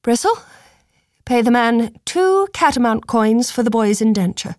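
A woman's voice: fairly high pitch, expressive, unhurried, darkish tone, dry recording, clean studio sound, voice pushed up. A woman voicing a cold, imperious queen giving orders from horseback. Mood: commanding. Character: cold, commanding mounted queen.

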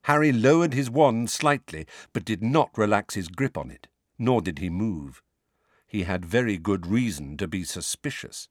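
A man reading an audiobook in scripted narration, with expressive storytelling. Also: lowish voice, normal speed, no room sound, studio quality.

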